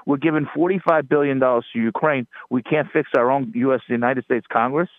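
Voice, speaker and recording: A man with a New York accent telling stories as a guest on a talk show, talking casually with emphatic rises and halting fillers. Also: mid-range voice, dry recording. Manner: storytelling, rising emphatic on complaints, halting fillers. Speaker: guest, PR strategist. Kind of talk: casual interview chat. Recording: dry tinny phone line.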